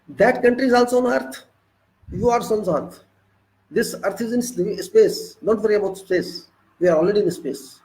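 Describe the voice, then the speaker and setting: A man's voice: high voice, normal speed, a little mellow, poor audio. A man giving a spiritual talk, scolding his listeners with long repeated lists and pointed rhetorical questions. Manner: emphatic questions to the audience. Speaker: spiritual speaker. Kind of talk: preaching monologue.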